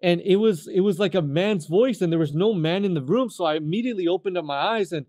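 A man in his thirties from California, telling his life testimony as a guest in an earnest, halting way, often repeating words as he restarts. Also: high-pitched, a little mellow, dry recording, studio quality. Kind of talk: personal testimony storytelling.

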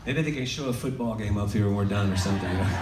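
A man's voice: lowish voice, very fast. A man, a songwriter, telling loose, joking stories to a live audience between songs. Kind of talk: stage storytelling between songs. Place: live music venue, on stage. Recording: echoey live room, heard from a distance, loud music.

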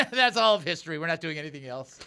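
A man's voice: on the high side, fast, clean tone. A man hosting a Christian call-in radio show, chatting casually, telling jokes and teaching from the Bible. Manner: lively, jokey, laughs at his own jokes.

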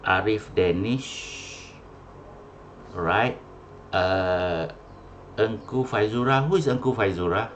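Over a video call with background noise, a man with a Malaysian English accent takes roll for an online class, mixing English and Malay, repeating names, and often ending with a questioning "eh?". His voice is on the low side, slow, with frequent pauses.

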